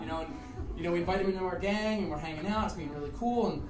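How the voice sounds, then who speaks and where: A man's voice: high-pitched, animated, rapid-fire, darkish tone, far from the mic. A man telling a rambling, profane story on stage at a live show, laughing along as he goes. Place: small music bar, live show. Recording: echoey live club, mic heard from afar. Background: band music.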